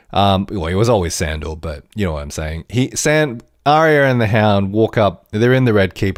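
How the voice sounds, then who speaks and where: Brief: male podcast host, chatty animated reviewer, rambling, dry recording. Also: fairly low pitch, no room sound. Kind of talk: casual TV episode review.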